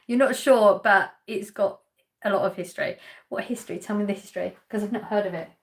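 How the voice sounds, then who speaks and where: A woman from Essex, England, with an Essex English accent hosts a live stream, speaking at a moderate pace in a mid-range voice. She chats casually and laughs lightly while reading out viewer comments and answering chat questions directly.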